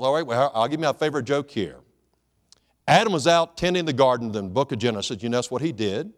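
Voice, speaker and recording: A man's voice: medium pitch, animated, fast talker. A man preaching a sermon in a folksy, joking way, calling for amens. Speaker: pastor.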